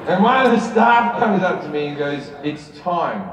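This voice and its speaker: A man's voice: sits high, heavy background noise. A man doing stand-up, telling a long story in a conversational, swearing style, recorded live on a large arena stage. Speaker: stand-up comedian. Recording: distant, echoey arena with loud crowd laughter. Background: crowd laughter.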